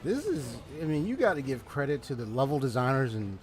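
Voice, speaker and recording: A male gaming creator narrates his playthrough in an easygoing, chatty way. He leans on slang and laughs often. His voice sits at an ordinary pitch, with clear game music playing behind it. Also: wildly swooping pitch, fairly quick. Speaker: gaming YouTuber. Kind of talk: casual let's-play commentary.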